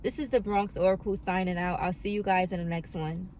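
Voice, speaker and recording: A woman's voice: on the low side, fairly even intonation, a little fast, a little mellow, a little hiss or hum. A woman giving a spiritual card reading to her viewers, emphatic and affirming, with casual swearing, recorded on a phone. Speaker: oracle card reader.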